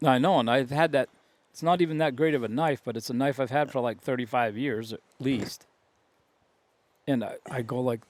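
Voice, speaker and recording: A man's voice: mid-range voice, normal speed, dry recording. Laid-back man telling a camp story, dry sound. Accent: New England. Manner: laughs along, short agreeing replies. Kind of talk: casual chat among friends.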